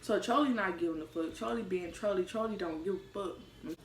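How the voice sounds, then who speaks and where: A woman's voice: mid-range voice, a little fast, a little hiss or hum. Candid young woman telling a story. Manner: candid, profane, conversational storytelling. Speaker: vlogger. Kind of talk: casual storytime vlog. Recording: roomy, mic set far off.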